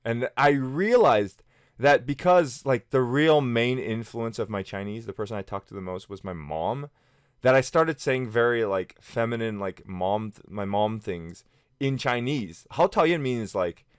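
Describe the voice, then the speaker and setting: A man's voice: mid-range voice, unhurried, smooth, no echo, clean studio sound. A man in his thirties telling personal stories casually to camera, rambling with many fillers and restarts. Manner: acts out friends' lines in quoted voices. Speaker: vlogger.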